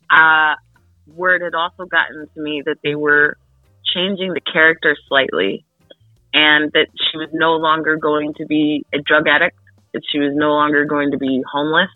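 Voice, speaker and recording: A young woman from the Philadelphia suburbs, an actress guest telling an animated story full of fillers in an interview. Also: sits low, normal speed, dry recording, soft background music. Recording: tinny phone-line radio, dry.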